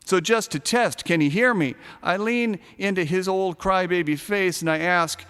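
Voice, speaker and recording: A man narrating a first-person short story in a sardonic, darkly comic way, now and then shouting a punchline. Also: high voice, normal speed, hardly any pauses, clean tone, long reverb tail.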